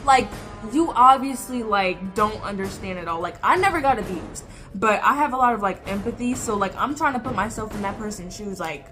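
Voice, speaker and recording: Woman vlogger ranting casually, says like a lot, kinda high voice, soft music in the back. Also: brisk, few pauses. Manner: heavy "like" fillers, indignant and expressive. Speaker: commentary vlogger. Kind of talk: casual reaction commentary.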